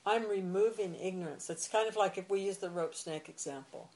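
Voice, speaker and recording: A woman's voice: medium pitch, brisk, a little mellow, reverberant. A woman teaching spiritual philosophy, explaining patiently with examples and checking that she is understood. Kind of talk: explanatory discussion.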